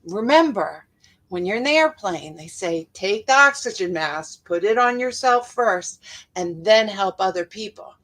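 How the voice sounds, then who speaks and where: A middle-aged woman leads a motivational talk as a life coach, her mid-range voice unhurried. She tells stories earnestly and acts out quotes with lively jumps in pitch.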